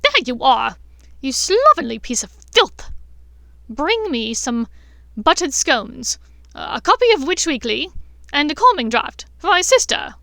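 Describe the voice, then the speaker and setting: A woman voicing a gloating, unhinged witch aunt with a shrill, sing-song, taunting manner, reading a fan-fiction audiobook. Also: big pitch swings, normal speed, fairly bright tone, dry recording, studio quality, full character voice. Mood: shrill mocking.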